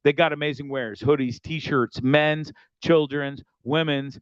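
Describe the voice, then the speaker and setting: A man's voice: a little high, fairly even intonation, unhurried, dry recording. Dude hosting his show, swears a ton, jokey and all over the place, kinda muffled dry audio. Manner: rambling, profane, jokey, restless. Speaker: show host. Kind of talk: casual show monologue with sponsor reads.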